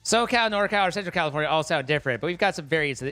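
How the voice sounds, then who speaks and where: A man's voice: fairly high pitch, animated, rapid-fire, pushed and bright, no room sound, faint music behind. A man streaming live, chatting casually and rambling with many restarts and swear words for emphasis. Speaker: livestreamer.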